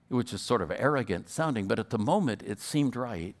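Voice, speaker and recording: A man's voice: mid-range voice, lively intonation, brisk, hardly any pauses. An older man preaching a storytelling sermon, who stutters now and then and repeats his words. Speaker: guest preacher.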